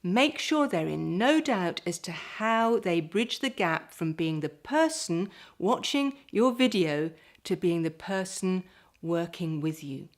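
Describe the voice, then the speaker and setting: A middle-aged woman, a speaker coach, giving presentation tips straight to the camera and demonstrating calm and lively voice patterns. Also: lowish voice, slow pace. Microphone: camera mic, standing.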